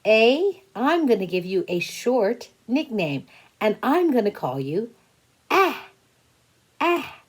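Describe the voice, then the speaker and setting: A woman voicing a kindly, patient mother of five in a children's story, speaking gently and playfully and stretching out sounds. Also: mid-range voice, big pitch swings, unhurried, breathy edge. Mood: fond, amused.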